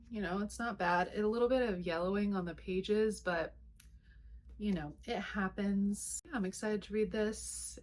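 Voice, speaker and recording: A woman's voice: mid-range voice, a little hiss or hum. A young woman chatting casually as she shows books to the camera, with lots of fillers and asides. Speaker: booktuber. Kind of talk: casual vlog chat.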